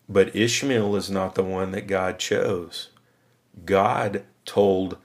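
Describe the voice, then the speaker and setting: Brief: male podcast preacher, unhurried, slightly low, calls listeners friends. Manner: rhetorical questions, addresses listeners as friends. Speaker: Bible teacher. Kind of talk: verse-by-verse Bible teaching podcast.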